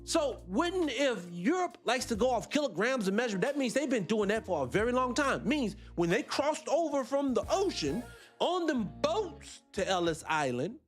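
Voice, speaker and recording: A man's voice: very high voice, big pitch swings, moderate pace, soft background music. A man hosting a live show, talking in a rambling, blunt and profane casual monologue. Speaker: host.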